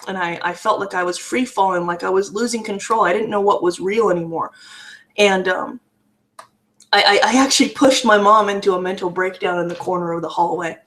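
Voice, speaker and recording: Halting, emotionally raw woman's testimony. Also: medium pitch, a bit bright. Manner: halting, with frequent restarts and repeated words. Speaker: vlogger sharing a personal story. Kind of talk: candid personal testimony.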